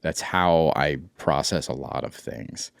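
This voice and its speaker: A man's voice: extremely low pitch, a little slow, gravelly, smooth, dry recording, studio quality. A man co-hosting a podcast, speaking earnestly and reflectively, often hesitating and restarting his sentences. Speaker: podcast co-host. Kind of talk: casual chat.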